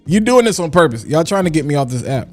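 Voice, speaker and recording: A man's voice: fairly high pitch, big pitch swings, fast talker, a little mellow, faint music behind. A man hosting a casual livestream, talking in a preachy way and repeating lines for emphasis. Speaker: livestream host.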